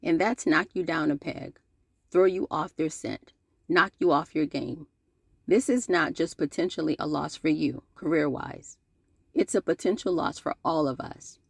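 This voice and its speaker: Gravelly voiced host reading a sassy scolding open letter, dry close sound, no room at all. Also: medium pitch, moderate pace, dry recording. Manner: sarcastic, scolding, slangy, addresses listener directly. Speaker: commentary channel host. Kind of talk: scripted open-letter commentary.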